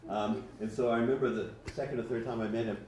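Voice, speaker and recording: A man's voice: mid-range voice, steady tone, fast talker, warm tone. A man delivers a memorial tribute, rambling and hesitant, stopping often on fillers. His voice comes from a distance in a very echoey hall. Faint ambient noise sits behind him. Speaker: memorial speaker. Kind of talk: personal tribute speech.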